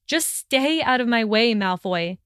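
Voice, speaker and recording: A woman voicing a furious, sharp-tongued young witch who snaps and rises in pitch when angry. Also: a little slow, no room sound, clean studio sound, lightly acted. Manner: snapping, raised and shrill when angry.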